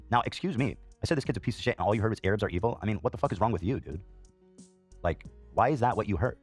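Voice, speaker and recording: Male host, deep and rapid, heated commentary, curses freely, faint music behind. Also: animated, husky. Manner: heated, swears, frequent fillers and coughs. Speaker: podcast host. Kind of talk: reaction commentary.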